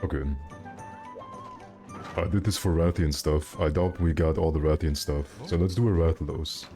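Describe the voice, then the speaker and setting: A man's voice: a bass voice, steady tone, moderate pace, warm tone, soft background music. A man streaming a game, chatting casually with his viewers in a joking, self-mocking, rambling way. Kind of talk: casual live-stream chat.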